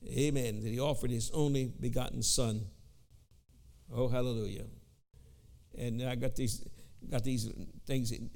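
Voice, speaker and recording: Gravelly Southern man teaching Bible study. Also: medium pitch, steady tone, darkish tone. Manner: halting, repeats words, frequent amens, slows to read scripture. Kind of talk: informal Pentecostal Bible study preaching.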